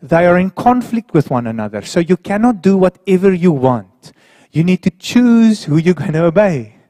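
A man preaching a sermon who swings between quiet, low passages and raised, emphatic ones. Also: very animated, normal speed, no echo, studio quality.

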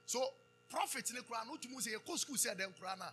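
A man with a Ghanaian accent preaching a sermon, calling out questions for the congregation to answer and building to loud emphasis. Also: extremely high pitch, animated, fast, slightly rough, soft background music. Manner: call-and-response preaching, loud rising emphasis. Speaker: pastor.

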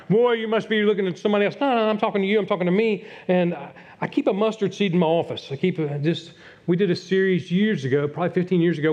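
A middle-aged pastor with a voice that sits a bit high for a man gives an earnest sermon. He alternates between hushed, confiding passages and louder pushes, captured on a dull, lo-fi recording.

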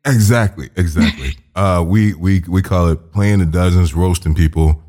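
Man, very low voice, podcast host, casual joking chat, swears freely. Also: moderate pace, mellow. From Chicago. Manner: loose, joking and profane.

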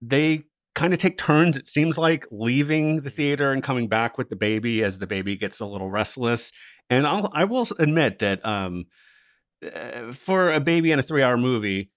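A man co-hosting a podcast tells a story in casual chat, animated and laughing often. His voice sits at a middle pitch. The sound is dry and close. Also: moderate pace, no echo. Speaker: podcast co-host.

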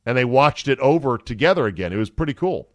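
Erkek podcast sunucusu, kuru ses. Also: male voice, mid-range voice, lively intonation, quick pace, no room sound. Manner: laughs easily, teasing. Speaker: podcast host. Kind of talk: casual sports chat.

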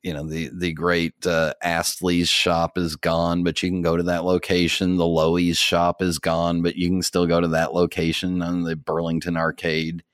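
A man's voice: low voice, completely flat delivery, normal speed, hardly any pauses, dry recording, clean studio sound. An American man co-hosting a podcast, chatting casually in a rambling way with many fillers and little chuckles. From United States. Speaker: podcast co-host.

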